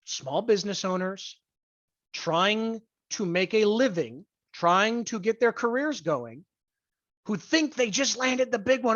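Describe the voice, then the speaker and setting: A podcast host in a profane sports rant, angry, crude and blunt, stressing key words with deliberate emphasis. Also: mid-range voice, expressive, fairly bright tone, no room sound. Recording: dull lo-fi dry recording.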